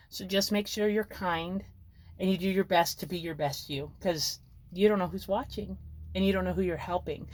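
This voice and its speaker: A woman's voice: mid-range voice, dry recording. Woman vlogging, rambly and open, emotional storytelling, dry sound. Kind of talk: casual personal storytelling.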